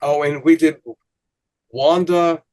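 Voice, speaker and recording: A man hosting a podcast, chatting casually and reminiscing, often pausing on fillers as he searches for words. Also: fairly high pitch, little pitch movement, darkish tone. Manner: reminiscing, hesitant with many fillers. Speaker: podcast host. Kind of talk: casual conversational interview.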